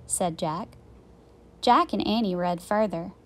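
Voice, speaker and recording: Slow, clear woman teacher reading aloud. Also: medium pitch. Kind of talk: reading a children's book aloud.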